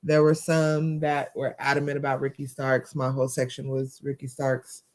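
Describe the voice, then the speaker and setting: Animated woman cohost chatting casually, bursts into excited yelling. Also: very deep voice, normal speed. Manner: animated, breaks into loud excited yells when retelling. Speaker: co-host. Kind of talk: casual chat.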